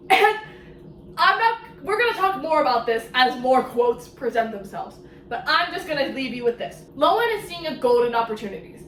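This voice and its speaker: A woman giving a casual, sarcastic, animated summary of a book she is reviewing. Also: high-pitched, roomy sound, recorded from a distance, a little hiss or hum, poor audio. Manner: sarcastic, animated, exclamatory asides.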